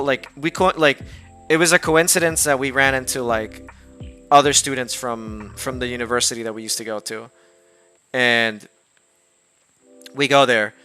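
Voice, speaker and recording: A man's voice: medium pitch, smooth. Rambling American man telling a story. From United States. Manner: rambling with many fillers and restarts. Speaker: streamer. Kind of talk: casual storytelling. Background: soft background music.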